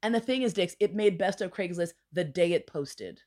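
Casting: woman, lower register, lively raconteur who swears and acts out everyone's lines. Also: normal speed. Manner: animated, acts out voices in quotes, swears freely. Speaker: podcast guest. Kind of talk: casual storytelling chat.

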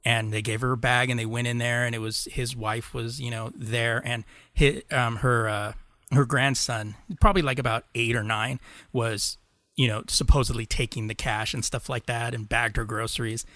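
Male podcast co-host, mid pitch, bright tone, dry close sound; rambling, profane, laughs a lot. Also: level tone, moderate pace, no echo. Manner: rambling storyteller, swears casually, laughs often. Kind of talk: casual chat.

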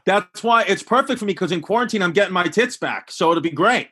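Husky comedian dude in his 40s, punchy and crude, rambling podcast stories. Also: high-pitched, expressive, a little fast, bright, forceful tone. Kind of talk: casual podcast chat.

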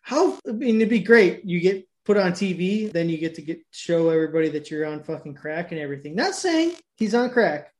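A man's voice: high voice, brisk, hardly any pauses. Profane rambling podcast guy. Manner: profane, rambling, animated storytelling. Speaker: podcast co-host. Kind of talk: casual crude chat.

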